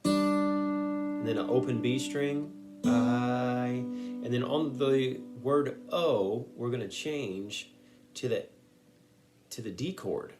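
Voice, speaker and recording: A man's voice: medium pitch, slow pace, long pauses. A man teaching a guitar song note by note, patiently walking through each finger move and sometimes singing a lyric. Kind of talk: step-by-step guitar lesson.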